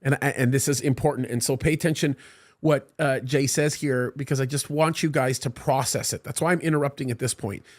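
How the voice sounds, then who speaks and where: A man's voice: mid-range voice, fairly even intonation, fairly quick. Earnest pastor speaking to his congregation. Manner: earnest, explains to the congregation with fillers. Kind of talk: sermon interjection. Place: church service.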